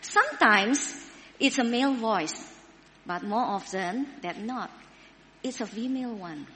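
A woman preaching a sermon, speaking slowly and deliberately and putting questions to her listeners. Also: on the high side, sing-song, a bit bright, big-room sound. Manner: slow, deliberate, asks the audience questions.

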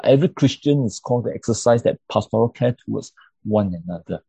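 A man teaching a church class on grief and pastoral care with slides. He speaks haltingly, with many fillers and repeated words, and keeps checking in with his listeners by asking "right?". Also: mid-range voice, lively intonation, creaky, dark tone, husky, dry recording. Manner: checks in often with tag questions like "right?". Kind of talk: interactive lecture with slides. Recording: dull lo-fi recording.

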